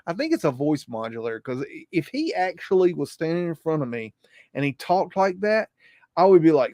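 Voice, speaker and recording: Excitable man who swears freely. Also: on the high side, normal speed, no room sound, studio quality. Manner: excitable, profane, rambling. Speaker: livestream host. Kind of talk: casual livestream commentary.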